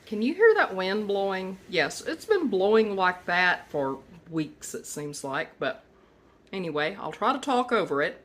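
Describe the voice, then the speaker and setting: A woman's voice: medium pitch, very animated, measured pace, a bit bright. A woman hosting a home cooking video, talking viewers through a recipe in a homey, chatty way. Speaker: recipe channel host. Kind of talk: casual cooking demo.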